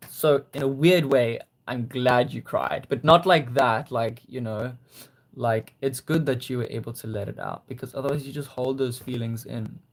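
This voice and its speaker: Gravelly-voiced young man chatting with viewers. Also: mid-range voice, normal speed. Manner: gentle, encouraging, praising viewers. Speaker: livestream host. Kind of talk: casual live chat reading viewer comments.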